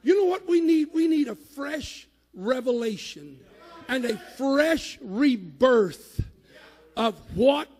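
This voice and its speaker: A man preaching a sermon in a church, shouting at his peaks and dropping low in between. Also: animated, takes it slowly, in a large hall. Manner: rising to shouted climaxes, then dropping low. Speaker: pastor. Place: church sanctuary.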